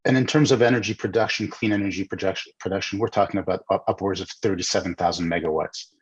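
A man with a low, husky voice answers interview questions over a call. He explains things at length, often repeating a word and starting over before he finishes a thought. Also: fairly even intonation, fast talker, highs cut off. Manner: explanatory, with repeated words and restarts. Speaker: guest, utility executive.

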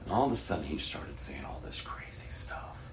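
Deep-voiced impassioned male preacher. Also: big pitch swings, moderate pace, creaky, noisy background. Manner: swings from hushed whispers to loud, impassioned preaching. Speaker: pastor. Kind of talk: sermon. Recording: echoey room with faint ambience.

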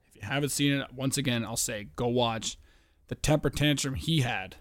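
A man's voice: mid-range voice, measured pace, long pauses, fairly bright tone, dry recording, clean studio sound. A man hosting a casual solo podcast, rambling with lots of fillers, restarts and swearing. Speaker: podcast host.

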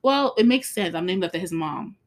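Woman co-host, relaxed conversational delivery, quick laughs, quotes family in playful voices. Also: fairly low pitch, slight background noise. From abroad, moved to the US. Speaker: podcast co-host. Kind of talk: casual chat.

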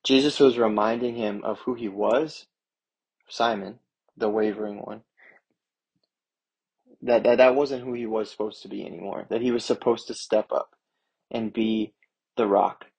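A man with a low, gravelly and somewhat husky voice, preaching. He reads scripture aloud and then explains it in earnest, everyday words. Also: steady tone, normal speed, pauses often, darkish tone, rough recording. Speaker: pastor. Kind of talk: sermon with scripture reading.

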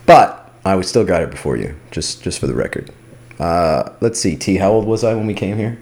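A man's voice: deep voice, lively intonation, a little fast, a little mellow. A man hosting a podcast, keeping the casual chat moving with eager questions and calling his guest dude. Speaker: podcast host.

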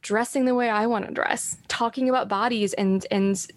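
A woman from New York, a self-love coach, telling a personal story as an interview guest, animated and often laughing. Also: a little high, normal speed. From New York, USA.

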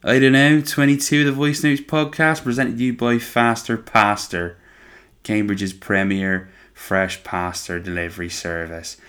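Young man, low voice, playful put-on West Country twang, solo podcast host, casual chat, enthusiastic, swears, repeats phrases. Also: level tone, moderate pace, hardly any pauses, fairly bright tone. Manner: chatty and enthusiastic, swears freely, repeats phrases, calls listeners "my lovelies".

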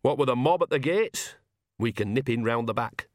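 A man's voice: medium pitch, animated, normal speed, no echo, lightly acted. A man voicing an earthy, shameless old witch woman who talks in a blunt, bawdy, down-to-earth way, in an audiobook reading.

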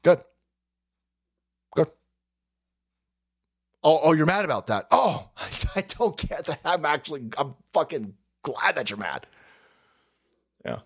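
A man with a high-pitched voice rants through a political livestream. He swears constantly and mocks his targets with sarcasm. He often swells into shouting. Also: very animated, slow pace, long pauses, breathy edge. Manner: profane, sarcastic, mocking, swings into shouting. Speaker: political stream host. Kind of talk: ranting political commentary.

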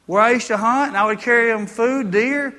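A man's voice: very high-pitched, brisk, bright, forceful tone, in a large hall. A man preaching a sermon, mixing folksy country stories with emphatic preaching. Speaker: pastor.

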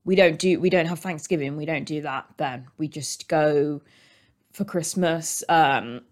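Low-pitched and unhurried, a British woman hosts a solo podcast into a desk microphone. She chats casually and rambles, her talk full of ums and likes, in a British English accent.

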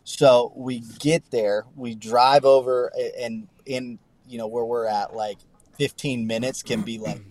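A man's voice: medium pitch, steady tone, a little slow, a little mellow. Earnest man telling a faith story. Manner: earnest storytelling with many restarts. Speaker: guest pastor. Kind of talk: conversational testimony on a podcast.

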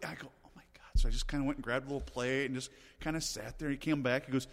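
A middle-aged man, a radio host, telling a long story in an animated, casual way and laughing often. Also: medium pitch, fast, big-room sound.

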